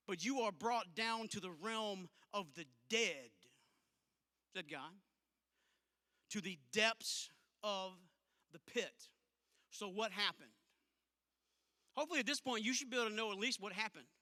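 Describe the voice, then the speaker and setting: A youth pastor, preaching to teens in an emphatic, conversational way with punchy asides. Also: male voice, high voice, a little slow, pauses often, bright, forceful tone. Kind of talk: youth sermon. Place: church auditorium. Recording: long reverb of a large hall.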